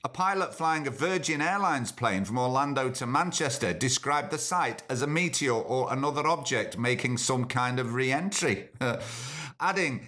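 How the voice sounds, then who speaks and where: A man's voice: mid-range voice, animated, normal speed, sharp tone. A man hosting a podcast as a casual, jokey monologue full of sardonic asides. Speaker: podcast host.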